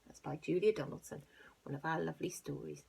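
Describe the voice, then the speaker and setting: A teacher reading a picture book aloud to young children. She plays up the animal noises and drops into hushed asides between the lines. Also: sits low, fairly even intonation, quick pace, creaky, breathy edge.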